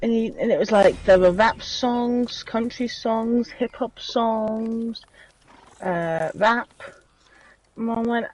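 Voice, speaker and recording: A woman's voice: fairly high pitch, slow, darkish tone, low-quality recording. A young woman chatting with a friend over a game call, teasing and giggling as she tells stories. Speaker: co-player on call. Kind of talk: casual chat while gaming. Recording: faint game noise behind.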